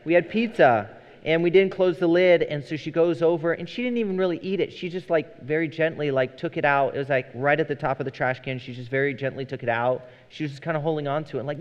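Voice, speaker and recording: A man's voice: fairly high pitch, fast. A man in his thirties, a pastor preaching a sermon in a conversational, storytelling way. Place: church sanctuary. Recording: dull sound with long hall reverb.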